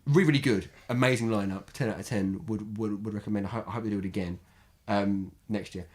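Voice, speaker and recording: A man's voice: on the low side, fairly even intonation, quick pace, darkish tone. A young man from England co-hosting a podcast in casual chat, rambling and repeating words as he talks. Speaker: podcast co-host.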